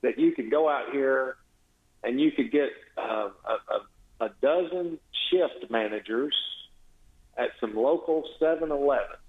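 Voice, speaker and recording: A man's voice: mid-range voice, measured pace. A man, a state legislator, giving a blunt, sarcastic and exasperated phone-in radio interview. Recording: tinny echoey phone line.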